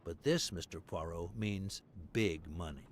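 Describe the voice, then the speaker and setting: A man's voice: low-pitched, a little slow, crowd noise. An actor playing a pushy, wealthy middle-aged businessman, blunt in a game. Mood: insistent. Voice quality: blunt, pressing.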